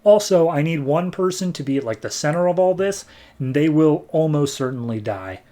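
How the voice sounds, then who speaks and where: A man's voice: fairly high pitch, lively intonation, moderate pace, warm tone, pitched above the performer's own voice, lightly acted. A man voicing a brash, flippant male mercenary antihero in a comic recap, with an offhand, sarcastic delivery.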